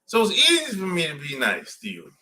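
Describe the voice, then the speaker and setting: Brief: man, podcast host, bright lively voice, blunt slangy talk with frequent laughs. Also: a little high, brisk. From southern United States. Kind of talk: casual podcast chat.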